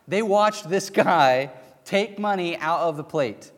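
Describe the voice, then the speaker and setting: With a high, fairly bright voice and an unhurried delivery, a man preaches a conversational sermon. He relates a story with restarts and chuckles, and the church sanctuary with its pews gives the recording a long hall reverb.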